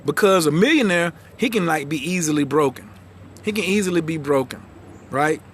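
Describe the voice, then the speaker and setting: A fast-talking man coaches his viewers live from a phone, animated and slangy. His voice runs somewhat high. A faint noise hums behind him. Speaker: astrology and branding coach. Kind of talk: live-stream talk to viewers. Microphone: phone livestream.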